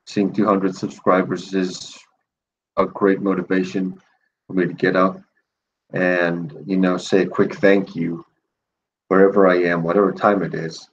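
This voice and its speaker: A man hosting a casual thank-you stream, speaking in a groggy morning voice and rambling with many fillers and pauses. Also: low voice, little pitch movement, lo-fi sound, a little hiss or hum. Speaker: channel host.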